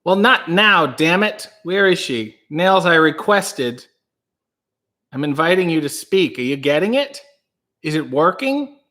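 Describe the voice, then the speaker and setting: High bright-voiced man hosting a livestream. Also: expressive, a little slow. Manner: rambling, reads out chat comments, jokey. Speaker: livestream host. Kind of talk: casual livestream chat.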